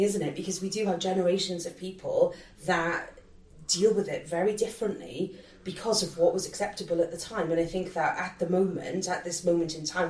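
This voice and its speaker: A woman's voice: fairly low pitch, darkish tone. A woman in her thirties from the UK, speaking reflectively in a casual podcast panel discussion. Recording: roomy, distant mic.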